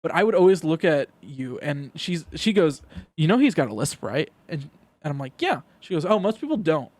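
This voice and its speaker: A man's voice: a little high, sing-song, moderate pace, a little mellow, no echo. A young man co-hosting a podcast in casual chat, telling stories and repeating words as he thinks. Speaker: podcast co-host.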